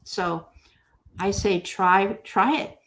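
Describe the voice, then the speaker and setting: A woman mosaic artist being interviewed, telling stories gently and acting out what people say. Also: mid-range voice, slight background noise. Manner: slow, gentle storytelling with lively quoted voices. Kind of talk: casual interview conversation.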